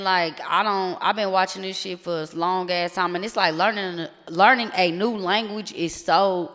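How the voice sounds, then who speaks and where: A live streamer chatting casually, rambling and slangy with plenty of swearing, stumbling now and then into halting French. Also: medium pitch, bright, forceful tone. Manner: rambling, loose and profane, slangy. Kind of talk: casual chat. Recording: long reverb with music behind.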